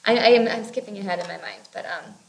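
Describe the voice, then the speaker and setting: A woman's voice: medium pitch, fast, vocal fry, a crowd in the background. Rambling woman in an echoey room. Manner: rambling, full of "like" and "you know". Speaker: podcast co-host discussing a book. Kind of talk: casual chat. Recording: roomy echo with faint background noise.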